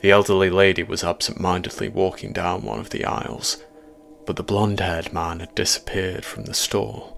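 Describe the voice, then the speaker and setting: A man narrating a first-person horror story in a measured, quietly ominous way. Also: low voice, creaky, slight background noise.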